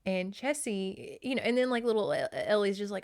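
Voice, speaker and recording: A woman podcast host casually recapping a novel, animated, acting out the characters in quick put-on voices and laughing often, close to a desk microphone. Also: mid-range voice.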